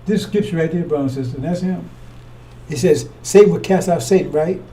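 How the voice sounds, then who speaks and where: A man's voice: on the high side, brisk, mellow, far from the mic. A man preaching fiery, accusatory commentary on scripture, repeating himself as he drives each point home.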